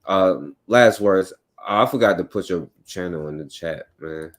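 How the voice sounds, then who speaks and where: A man with a very low, deep voice hosts a loose, casual talk show. He rambles in an easy, conversational way and keeps dropping "you know what I'm saying" between his thoughts. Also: unhurried. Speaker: host. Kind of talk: casual podcast chat.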